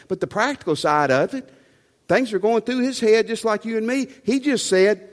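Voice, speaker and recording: Very animated and at normal speed, a male pastor preaches a sermon in a slightly high voice, using rhetorical questions to press every point. His words echo with a large sanctuary's long reverb.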